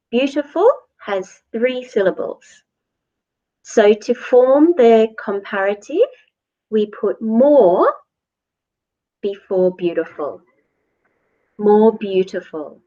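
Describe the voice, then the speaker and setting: Very slow-speaking woman teaching grammar. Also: on the high side, mellow. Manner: slow, deliberate, repeats words for learners. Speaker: English teacher. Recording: dull lo-fi recording.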